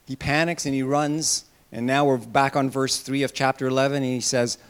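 A man preaching a sermon to his congregation, animated, with loud bursts and soft asides. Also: medium pitch, moderate pace, few pauses, smooth. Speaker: pastor.

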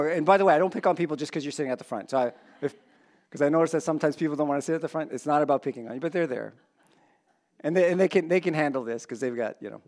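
A man preaching a sermon to a congregation in a conversational way, joking with people in the front rows. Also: medium pitch. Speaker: pastor.

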